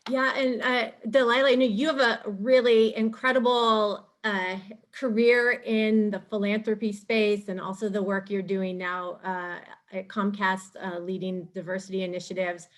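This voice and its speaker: A woman's voice: mid-range voice, flat delivery, normal speed, few pauses. A woman moderating a panel discussion, asking questions in a conversational way with fillers.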